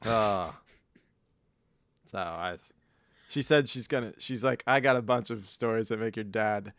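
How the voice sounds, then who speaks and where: Male podcast host, 30s, rambling storyteller; smooth, resonant, dry close mic. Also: fairly low pitch, unhurried, a bit bright, no room sound. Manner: rambling anecdotal storyteller, swears freely. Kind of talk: casual chat.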